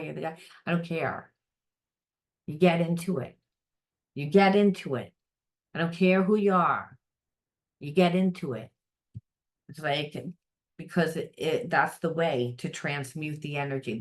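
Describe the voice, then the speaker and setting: A middle-aged woman with a low voice talks through a spiritual reading off the cuff. She is blunt and lively, swears without pause, and slips into quick quoted voices to make her point. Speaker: psychic tarot reader.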